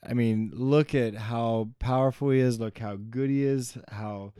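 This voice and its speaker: Mellow, dry man, podcast co-host, thoughtful musing. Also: mid-range voice, fairly even intonation, unhurried, clear, resonant tone, dry recording. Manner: short backchannel replies, then reflective musing. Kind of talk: casual Bible study chat.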